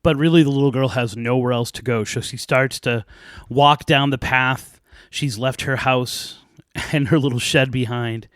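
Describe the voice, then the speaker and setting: A man hosting a podcast, casually retelling a folk tale with lively asides and light laughs. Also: medium pitch, measured pace, clear, resonant tone, no echo, studio quality. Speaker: podcast host.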